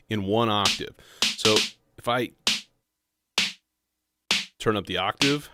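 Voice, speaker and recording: Faint synth music sits under a man's lowish voice as he hosts a relaxed modular-synth livestream. He talks a little slowly, leaves long pauses, rambles, and keeps interrupting himself.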